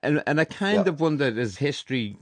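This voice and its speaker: A man's voice: a little high, very animated, brisk, dry recording. A man with a Liverpool accent interviewing a guest in a radio studio, earnest and chuckling. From Liverpool, England. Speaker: interviewer, former photojournalist. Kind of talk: conversational interview.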